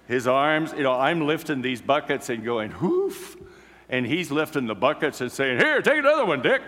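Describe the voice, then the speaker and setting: Slow, storytelling male preacher in a hall. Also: medium pitch. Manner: vivid storyteller, swings from loud to hushed. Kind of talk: storytelling sermon. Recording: long hall reverb.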